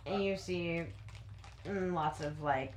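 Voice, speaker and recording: A woman's voice: lowish voice, slow pace, slight background noise. A woman running a tabletop game as dungeon master, narrating casually with swearing. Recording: roomy echo.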